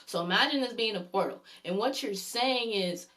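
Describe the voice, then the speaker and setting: A woman's voice: medium pitch, moderate pace, fairly bright tone. A woman giving a spoken devotional talk as a faith vlogger, earnest and rambling, often repeating a praise phrase and her own points. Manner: repeats "glory be unto the Lord" often.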